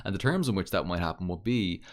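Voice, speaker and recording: An Irish man with a low voice talks through history on a livestream. He lectures earnestly, stopping to restart and filling pauses with "uh". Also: animated. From Ireland. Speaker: guest. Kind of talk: political discussion on a livestream.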